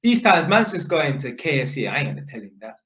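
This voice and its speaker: A man's voice: fairly high pitch, very animated, brisk, a bit bright. A young man with a London accent telling a casual story about his work, in street slang with constant tag questions. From Britain. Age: young adult. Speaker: vlogger. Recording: roomy, slightly dull sound.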